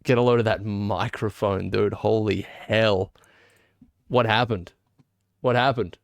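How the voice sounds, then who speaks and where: A gaming streamer with an Australian accent rambles and jokes with mock indignation while chatting casually during a live stream of his play. His voice is on the low side and gravelly, with fairly even intonation, a normal speed and no echo.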